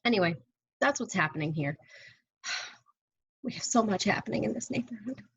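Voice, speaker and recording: A woman's voice: mid-range voice, expressive, normal speed, creaky, a bit bright, slight background noise, rough recording. A woman in her thirties, a college English instructor, chatting casually to her students from home with exasperated sighs. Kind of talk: casual video update to students.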